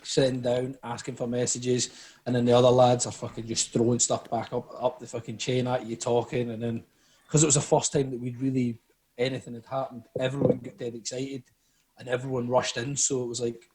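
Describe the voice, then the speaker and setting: A man in casual podcast chat, rambling through a story with heavy swearing. His voice sits at an ordinary middle pitch. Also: little pitch movement, brisk, warm tone.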